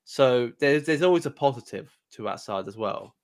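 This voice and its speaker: A man's voice: mid-range voice, expressive, moderate pace. A man from England co-hosting a podcast in casual chat, hesitant with lots of ums and repeated words. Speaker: podcast co-host.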